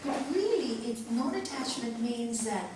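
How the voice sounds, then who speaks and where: A woman's voice: fairly high pitch, lively intonation, unhurried, background noise. A woman yoga teacher giving a spiritual talk to a group, earnest, telling stories and laughing often. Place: teaching centre room. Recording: echoey room, mic far off.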